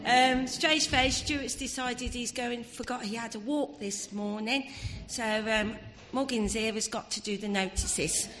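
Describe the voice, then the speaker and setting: A woman's voice: fairly high pitch, fairly even intonation, measured pace, fairly bright tone, a little hiss or hum. A woman reading the church notices to the congregation in an informal way, stumbling over names. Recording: reverberant church hall.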